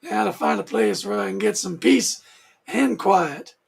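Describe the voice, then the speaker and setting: Someone doing a gravelly macho biker. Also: mid-range voice, animated, measured pace, full character voice. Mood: brash. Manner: brash, sneering. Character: cocky macho male biker tough guy. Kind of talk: comic read-aloud with voices.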